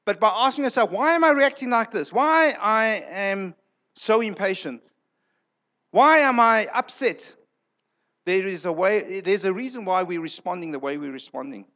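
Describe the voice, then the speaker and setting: A man's voice: sits high, lively intonation, normal speed, sharp tone, lo-fi sound. A male pastor preaching a sermon in a church, emphatic, repeating words for effect and acting out quoted lines.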